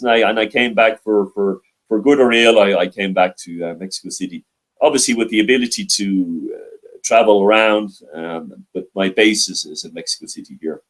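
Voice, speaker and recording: A middle-aged man with a mild Dublin Irish accent and a somewhat low voice. He answers interview questions over a video call from a library, often stopping to restart and repeat his words. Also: poor audio. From Ireland. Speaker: guest. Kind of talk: interview conversation.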